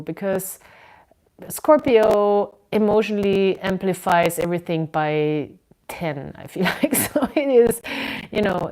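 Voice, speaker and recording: A woman giving a casual tarot reading from indoors at home, musing and unhurried, with frequent ums and soft laughs. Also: fairly low pitch, low-quality recording. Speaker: tarot reader.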